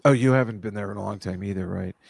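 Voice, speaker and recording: A man hosting a casual talk show, rambling and halting with lots of fillers. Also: on the low side, vocal fry, a little mellow, no room sound. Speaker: podcast host. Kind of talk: casual chat.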